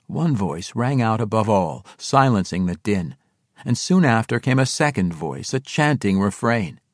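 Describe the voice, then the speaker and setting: A man narrating a fantasy audiobook in an expressive, dramatic reading style. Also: lowish voice, no echo, clean studio sound.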